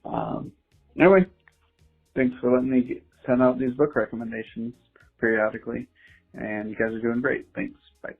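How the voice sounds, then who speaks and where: A man's voice: mid-range voice, fairly even intonation, moderate pace, slightly rough. A man leaving a friendly, casual voice message recommending something to the show. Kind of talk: recorded voice message. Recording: tinny phone line with faint music.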